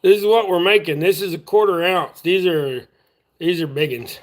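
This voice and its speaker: A man's voice: high voice, moderate pace. A man, chatting loosely on a livestream while he works with his hands. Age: adult. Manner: chatty, drawling, easygoing, talks while working with his hands. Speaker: livestream host. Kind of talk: casual rambling livestream chat.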